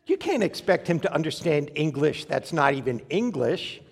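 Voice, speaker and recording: A male preacher with a slightly high voice tells a funny story from the pulpit. He speaks in a wry, conversational way, full of playful asides, and his tone stays relaxed and friendly. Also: normal speed, creaky, husky. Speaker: pastor. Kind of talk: sermon with humorous storytelling.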